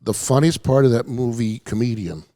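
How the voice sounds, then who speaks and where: A man co-hosting a casual talk show, telling animated stories and acting out the people in them. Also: medium pitch, normal speed, no room sound. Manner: animated storyteller, acts out quotes. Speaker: podcast host. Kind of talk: casual storytelling chat.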